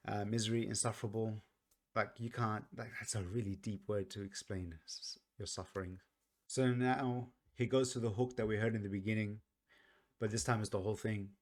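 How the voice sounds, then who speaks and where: A man talking casually through a song's meaning, earnest and reflective, often pausing and restarting his sentences. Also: on the low side, steady tone. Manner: earnest, reflective, soft-spoken. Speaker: music reaction vlogger. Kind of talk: casual song commentary.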